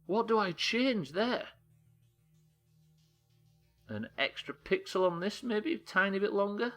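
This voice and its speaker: Guy streaming a puzzle game, sweary, kinda bright voice, faint music behind. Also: sits high, lively intonation, a little slow. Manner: puzzled, swearing, thinking aloud. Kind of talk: live gameplay commentary.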